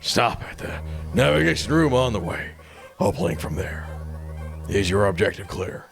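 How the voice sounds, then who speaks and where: A man voicing a blunt male ship's computer commander in a clipped, flat robotic delivery, reading game dialogue aloud over game music. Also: on the low side, moderate pace, vocal fry, voice pushed down. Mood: commanding.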